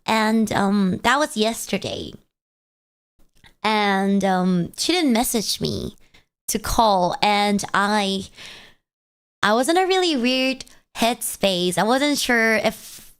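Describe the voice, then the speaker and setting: A woman streamer in casual chat, tearful and crying, talking in a halting, hesitant, self-conscious way. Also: medium pitch, sing-song, clean tone. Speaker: VTuber streamer.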